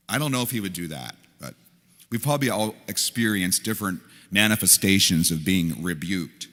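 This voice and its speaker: An older man, a priest, giving a conversational, animated sermon and acting out quoted lines in a large church. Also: lowish voice, normal speed. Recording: reverberant church hall.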